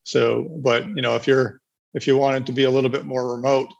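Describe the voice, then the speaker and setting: A man's voice: mid-range voice, level tone, fairly quick, vocal fry, lo-fi sound. A man presenting a property project on a webinar, talking casually and rambling with frequent restarts. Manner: rambling, with many restarts and fillers.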